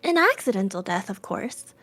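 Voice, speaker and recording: A woman's voice: mid-range voice, sing-song, normal speed. A woman voicing a nervous, stammering old hunchbacked male antique dealer in a storybook reading. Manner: stammering, hesitant, hushed.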